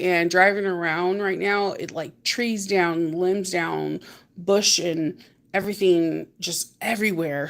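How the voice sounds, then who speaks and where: A woman's voice: lowish voice, gravelly. A woman vlogging in a chatty, rambling way, laughing often and acting out her stories, talking from her car. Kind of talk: casual chat.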